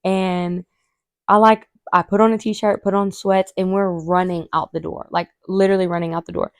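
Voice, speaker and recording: A woman, a podcast host telling a story casually and animatedly, acting out quotes in a high voice. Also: level tone, normal speed, no room sound.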